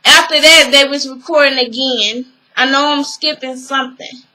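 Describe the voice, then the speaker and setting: A young woman casually recapping a TV episode, retelling scenes with animated quotes and swearing freely. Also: high-pitched, normal speed, low-quality recording.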